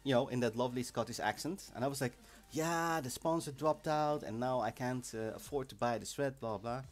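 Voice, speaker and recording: A man hosting a live game stream, chatting casually and excitably, sometimes bursting into shouts. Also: medium pitch, fairly quick. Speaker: livestream host of an online game event. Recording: faint music in the background.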